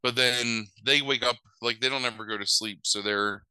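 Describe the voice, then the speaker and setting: A man's voice: mid-range voice, steady tone, normal speed, sharp tone, clear, resonant tone, no room sound, rough recording. A young man casually recapping a movie plot, rambling with lots of fillers and wry asides.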